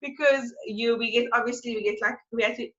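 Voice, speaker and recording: A woman's voice: a little high, fairly even intonation, fairly quick, pushed and bright. A young woman from South Africa co-hosting a podcast, chatting casually and rambling through a story. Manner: rambling, chatty, lots of fillers. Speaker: podcast co-host. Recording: slightly dull lo-fi audio.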